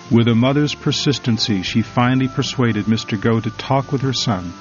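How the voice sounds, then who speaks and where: A man reading a devotional story and reflection in a measured, solemn manner with drawn-out emphasis. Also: mid-range voice. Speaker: devotional reader. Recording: slightly dull recording over faint music.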